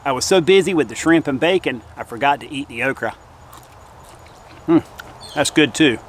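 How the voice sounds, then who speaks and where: A man's voice: a little high, animated, moderate pace, a little hiss or hum. A man hosting a casual outdoor camp cooking show, talking to viewers in a folksy, friendly way while outdoors in the woods.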